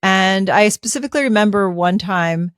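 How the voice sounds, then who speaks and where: A woman in her fifties hosts a podcast, telling a personal story in a lively, conversational way and acting out her own thoughts. Her mid-range voice moves at normal speed. The tone is clean, studio quality, with no room sound.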